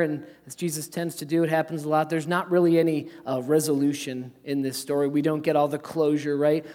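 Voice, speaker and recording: A man preaching a sermon, telling a parable in an animated way and acting out the characters' lines. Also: on the high side. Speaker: pastor. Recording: long hall reverb.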